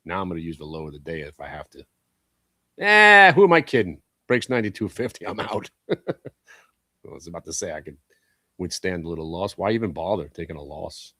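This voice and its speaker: A man with a low, voice runs live trading commentary on a stock show. He talks bluntly, swearing at stocks and getting worked up. The sound is dry and close. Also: brisk, no echo. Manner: blunt, animated, swears and yells at the market.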